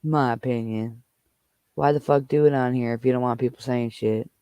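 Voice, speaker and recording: A man's voice: medium pitch, fairly even intonation, normal speed, warm tone, smooth, no echo. Profane man ranting on a livestream. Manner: angry, profane, heated rant. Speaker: livestream host. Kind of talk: casual ranting livestream chat.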